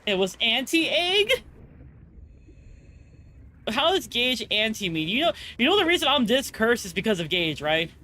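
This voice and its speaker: A woman's voice: on the high side, sing-song, brisk, few pauses. A young woman streaming a game, chatting casually with friends and chat, joking and swearing as she plays. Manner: profane, joking, reacts loudly to game alerts.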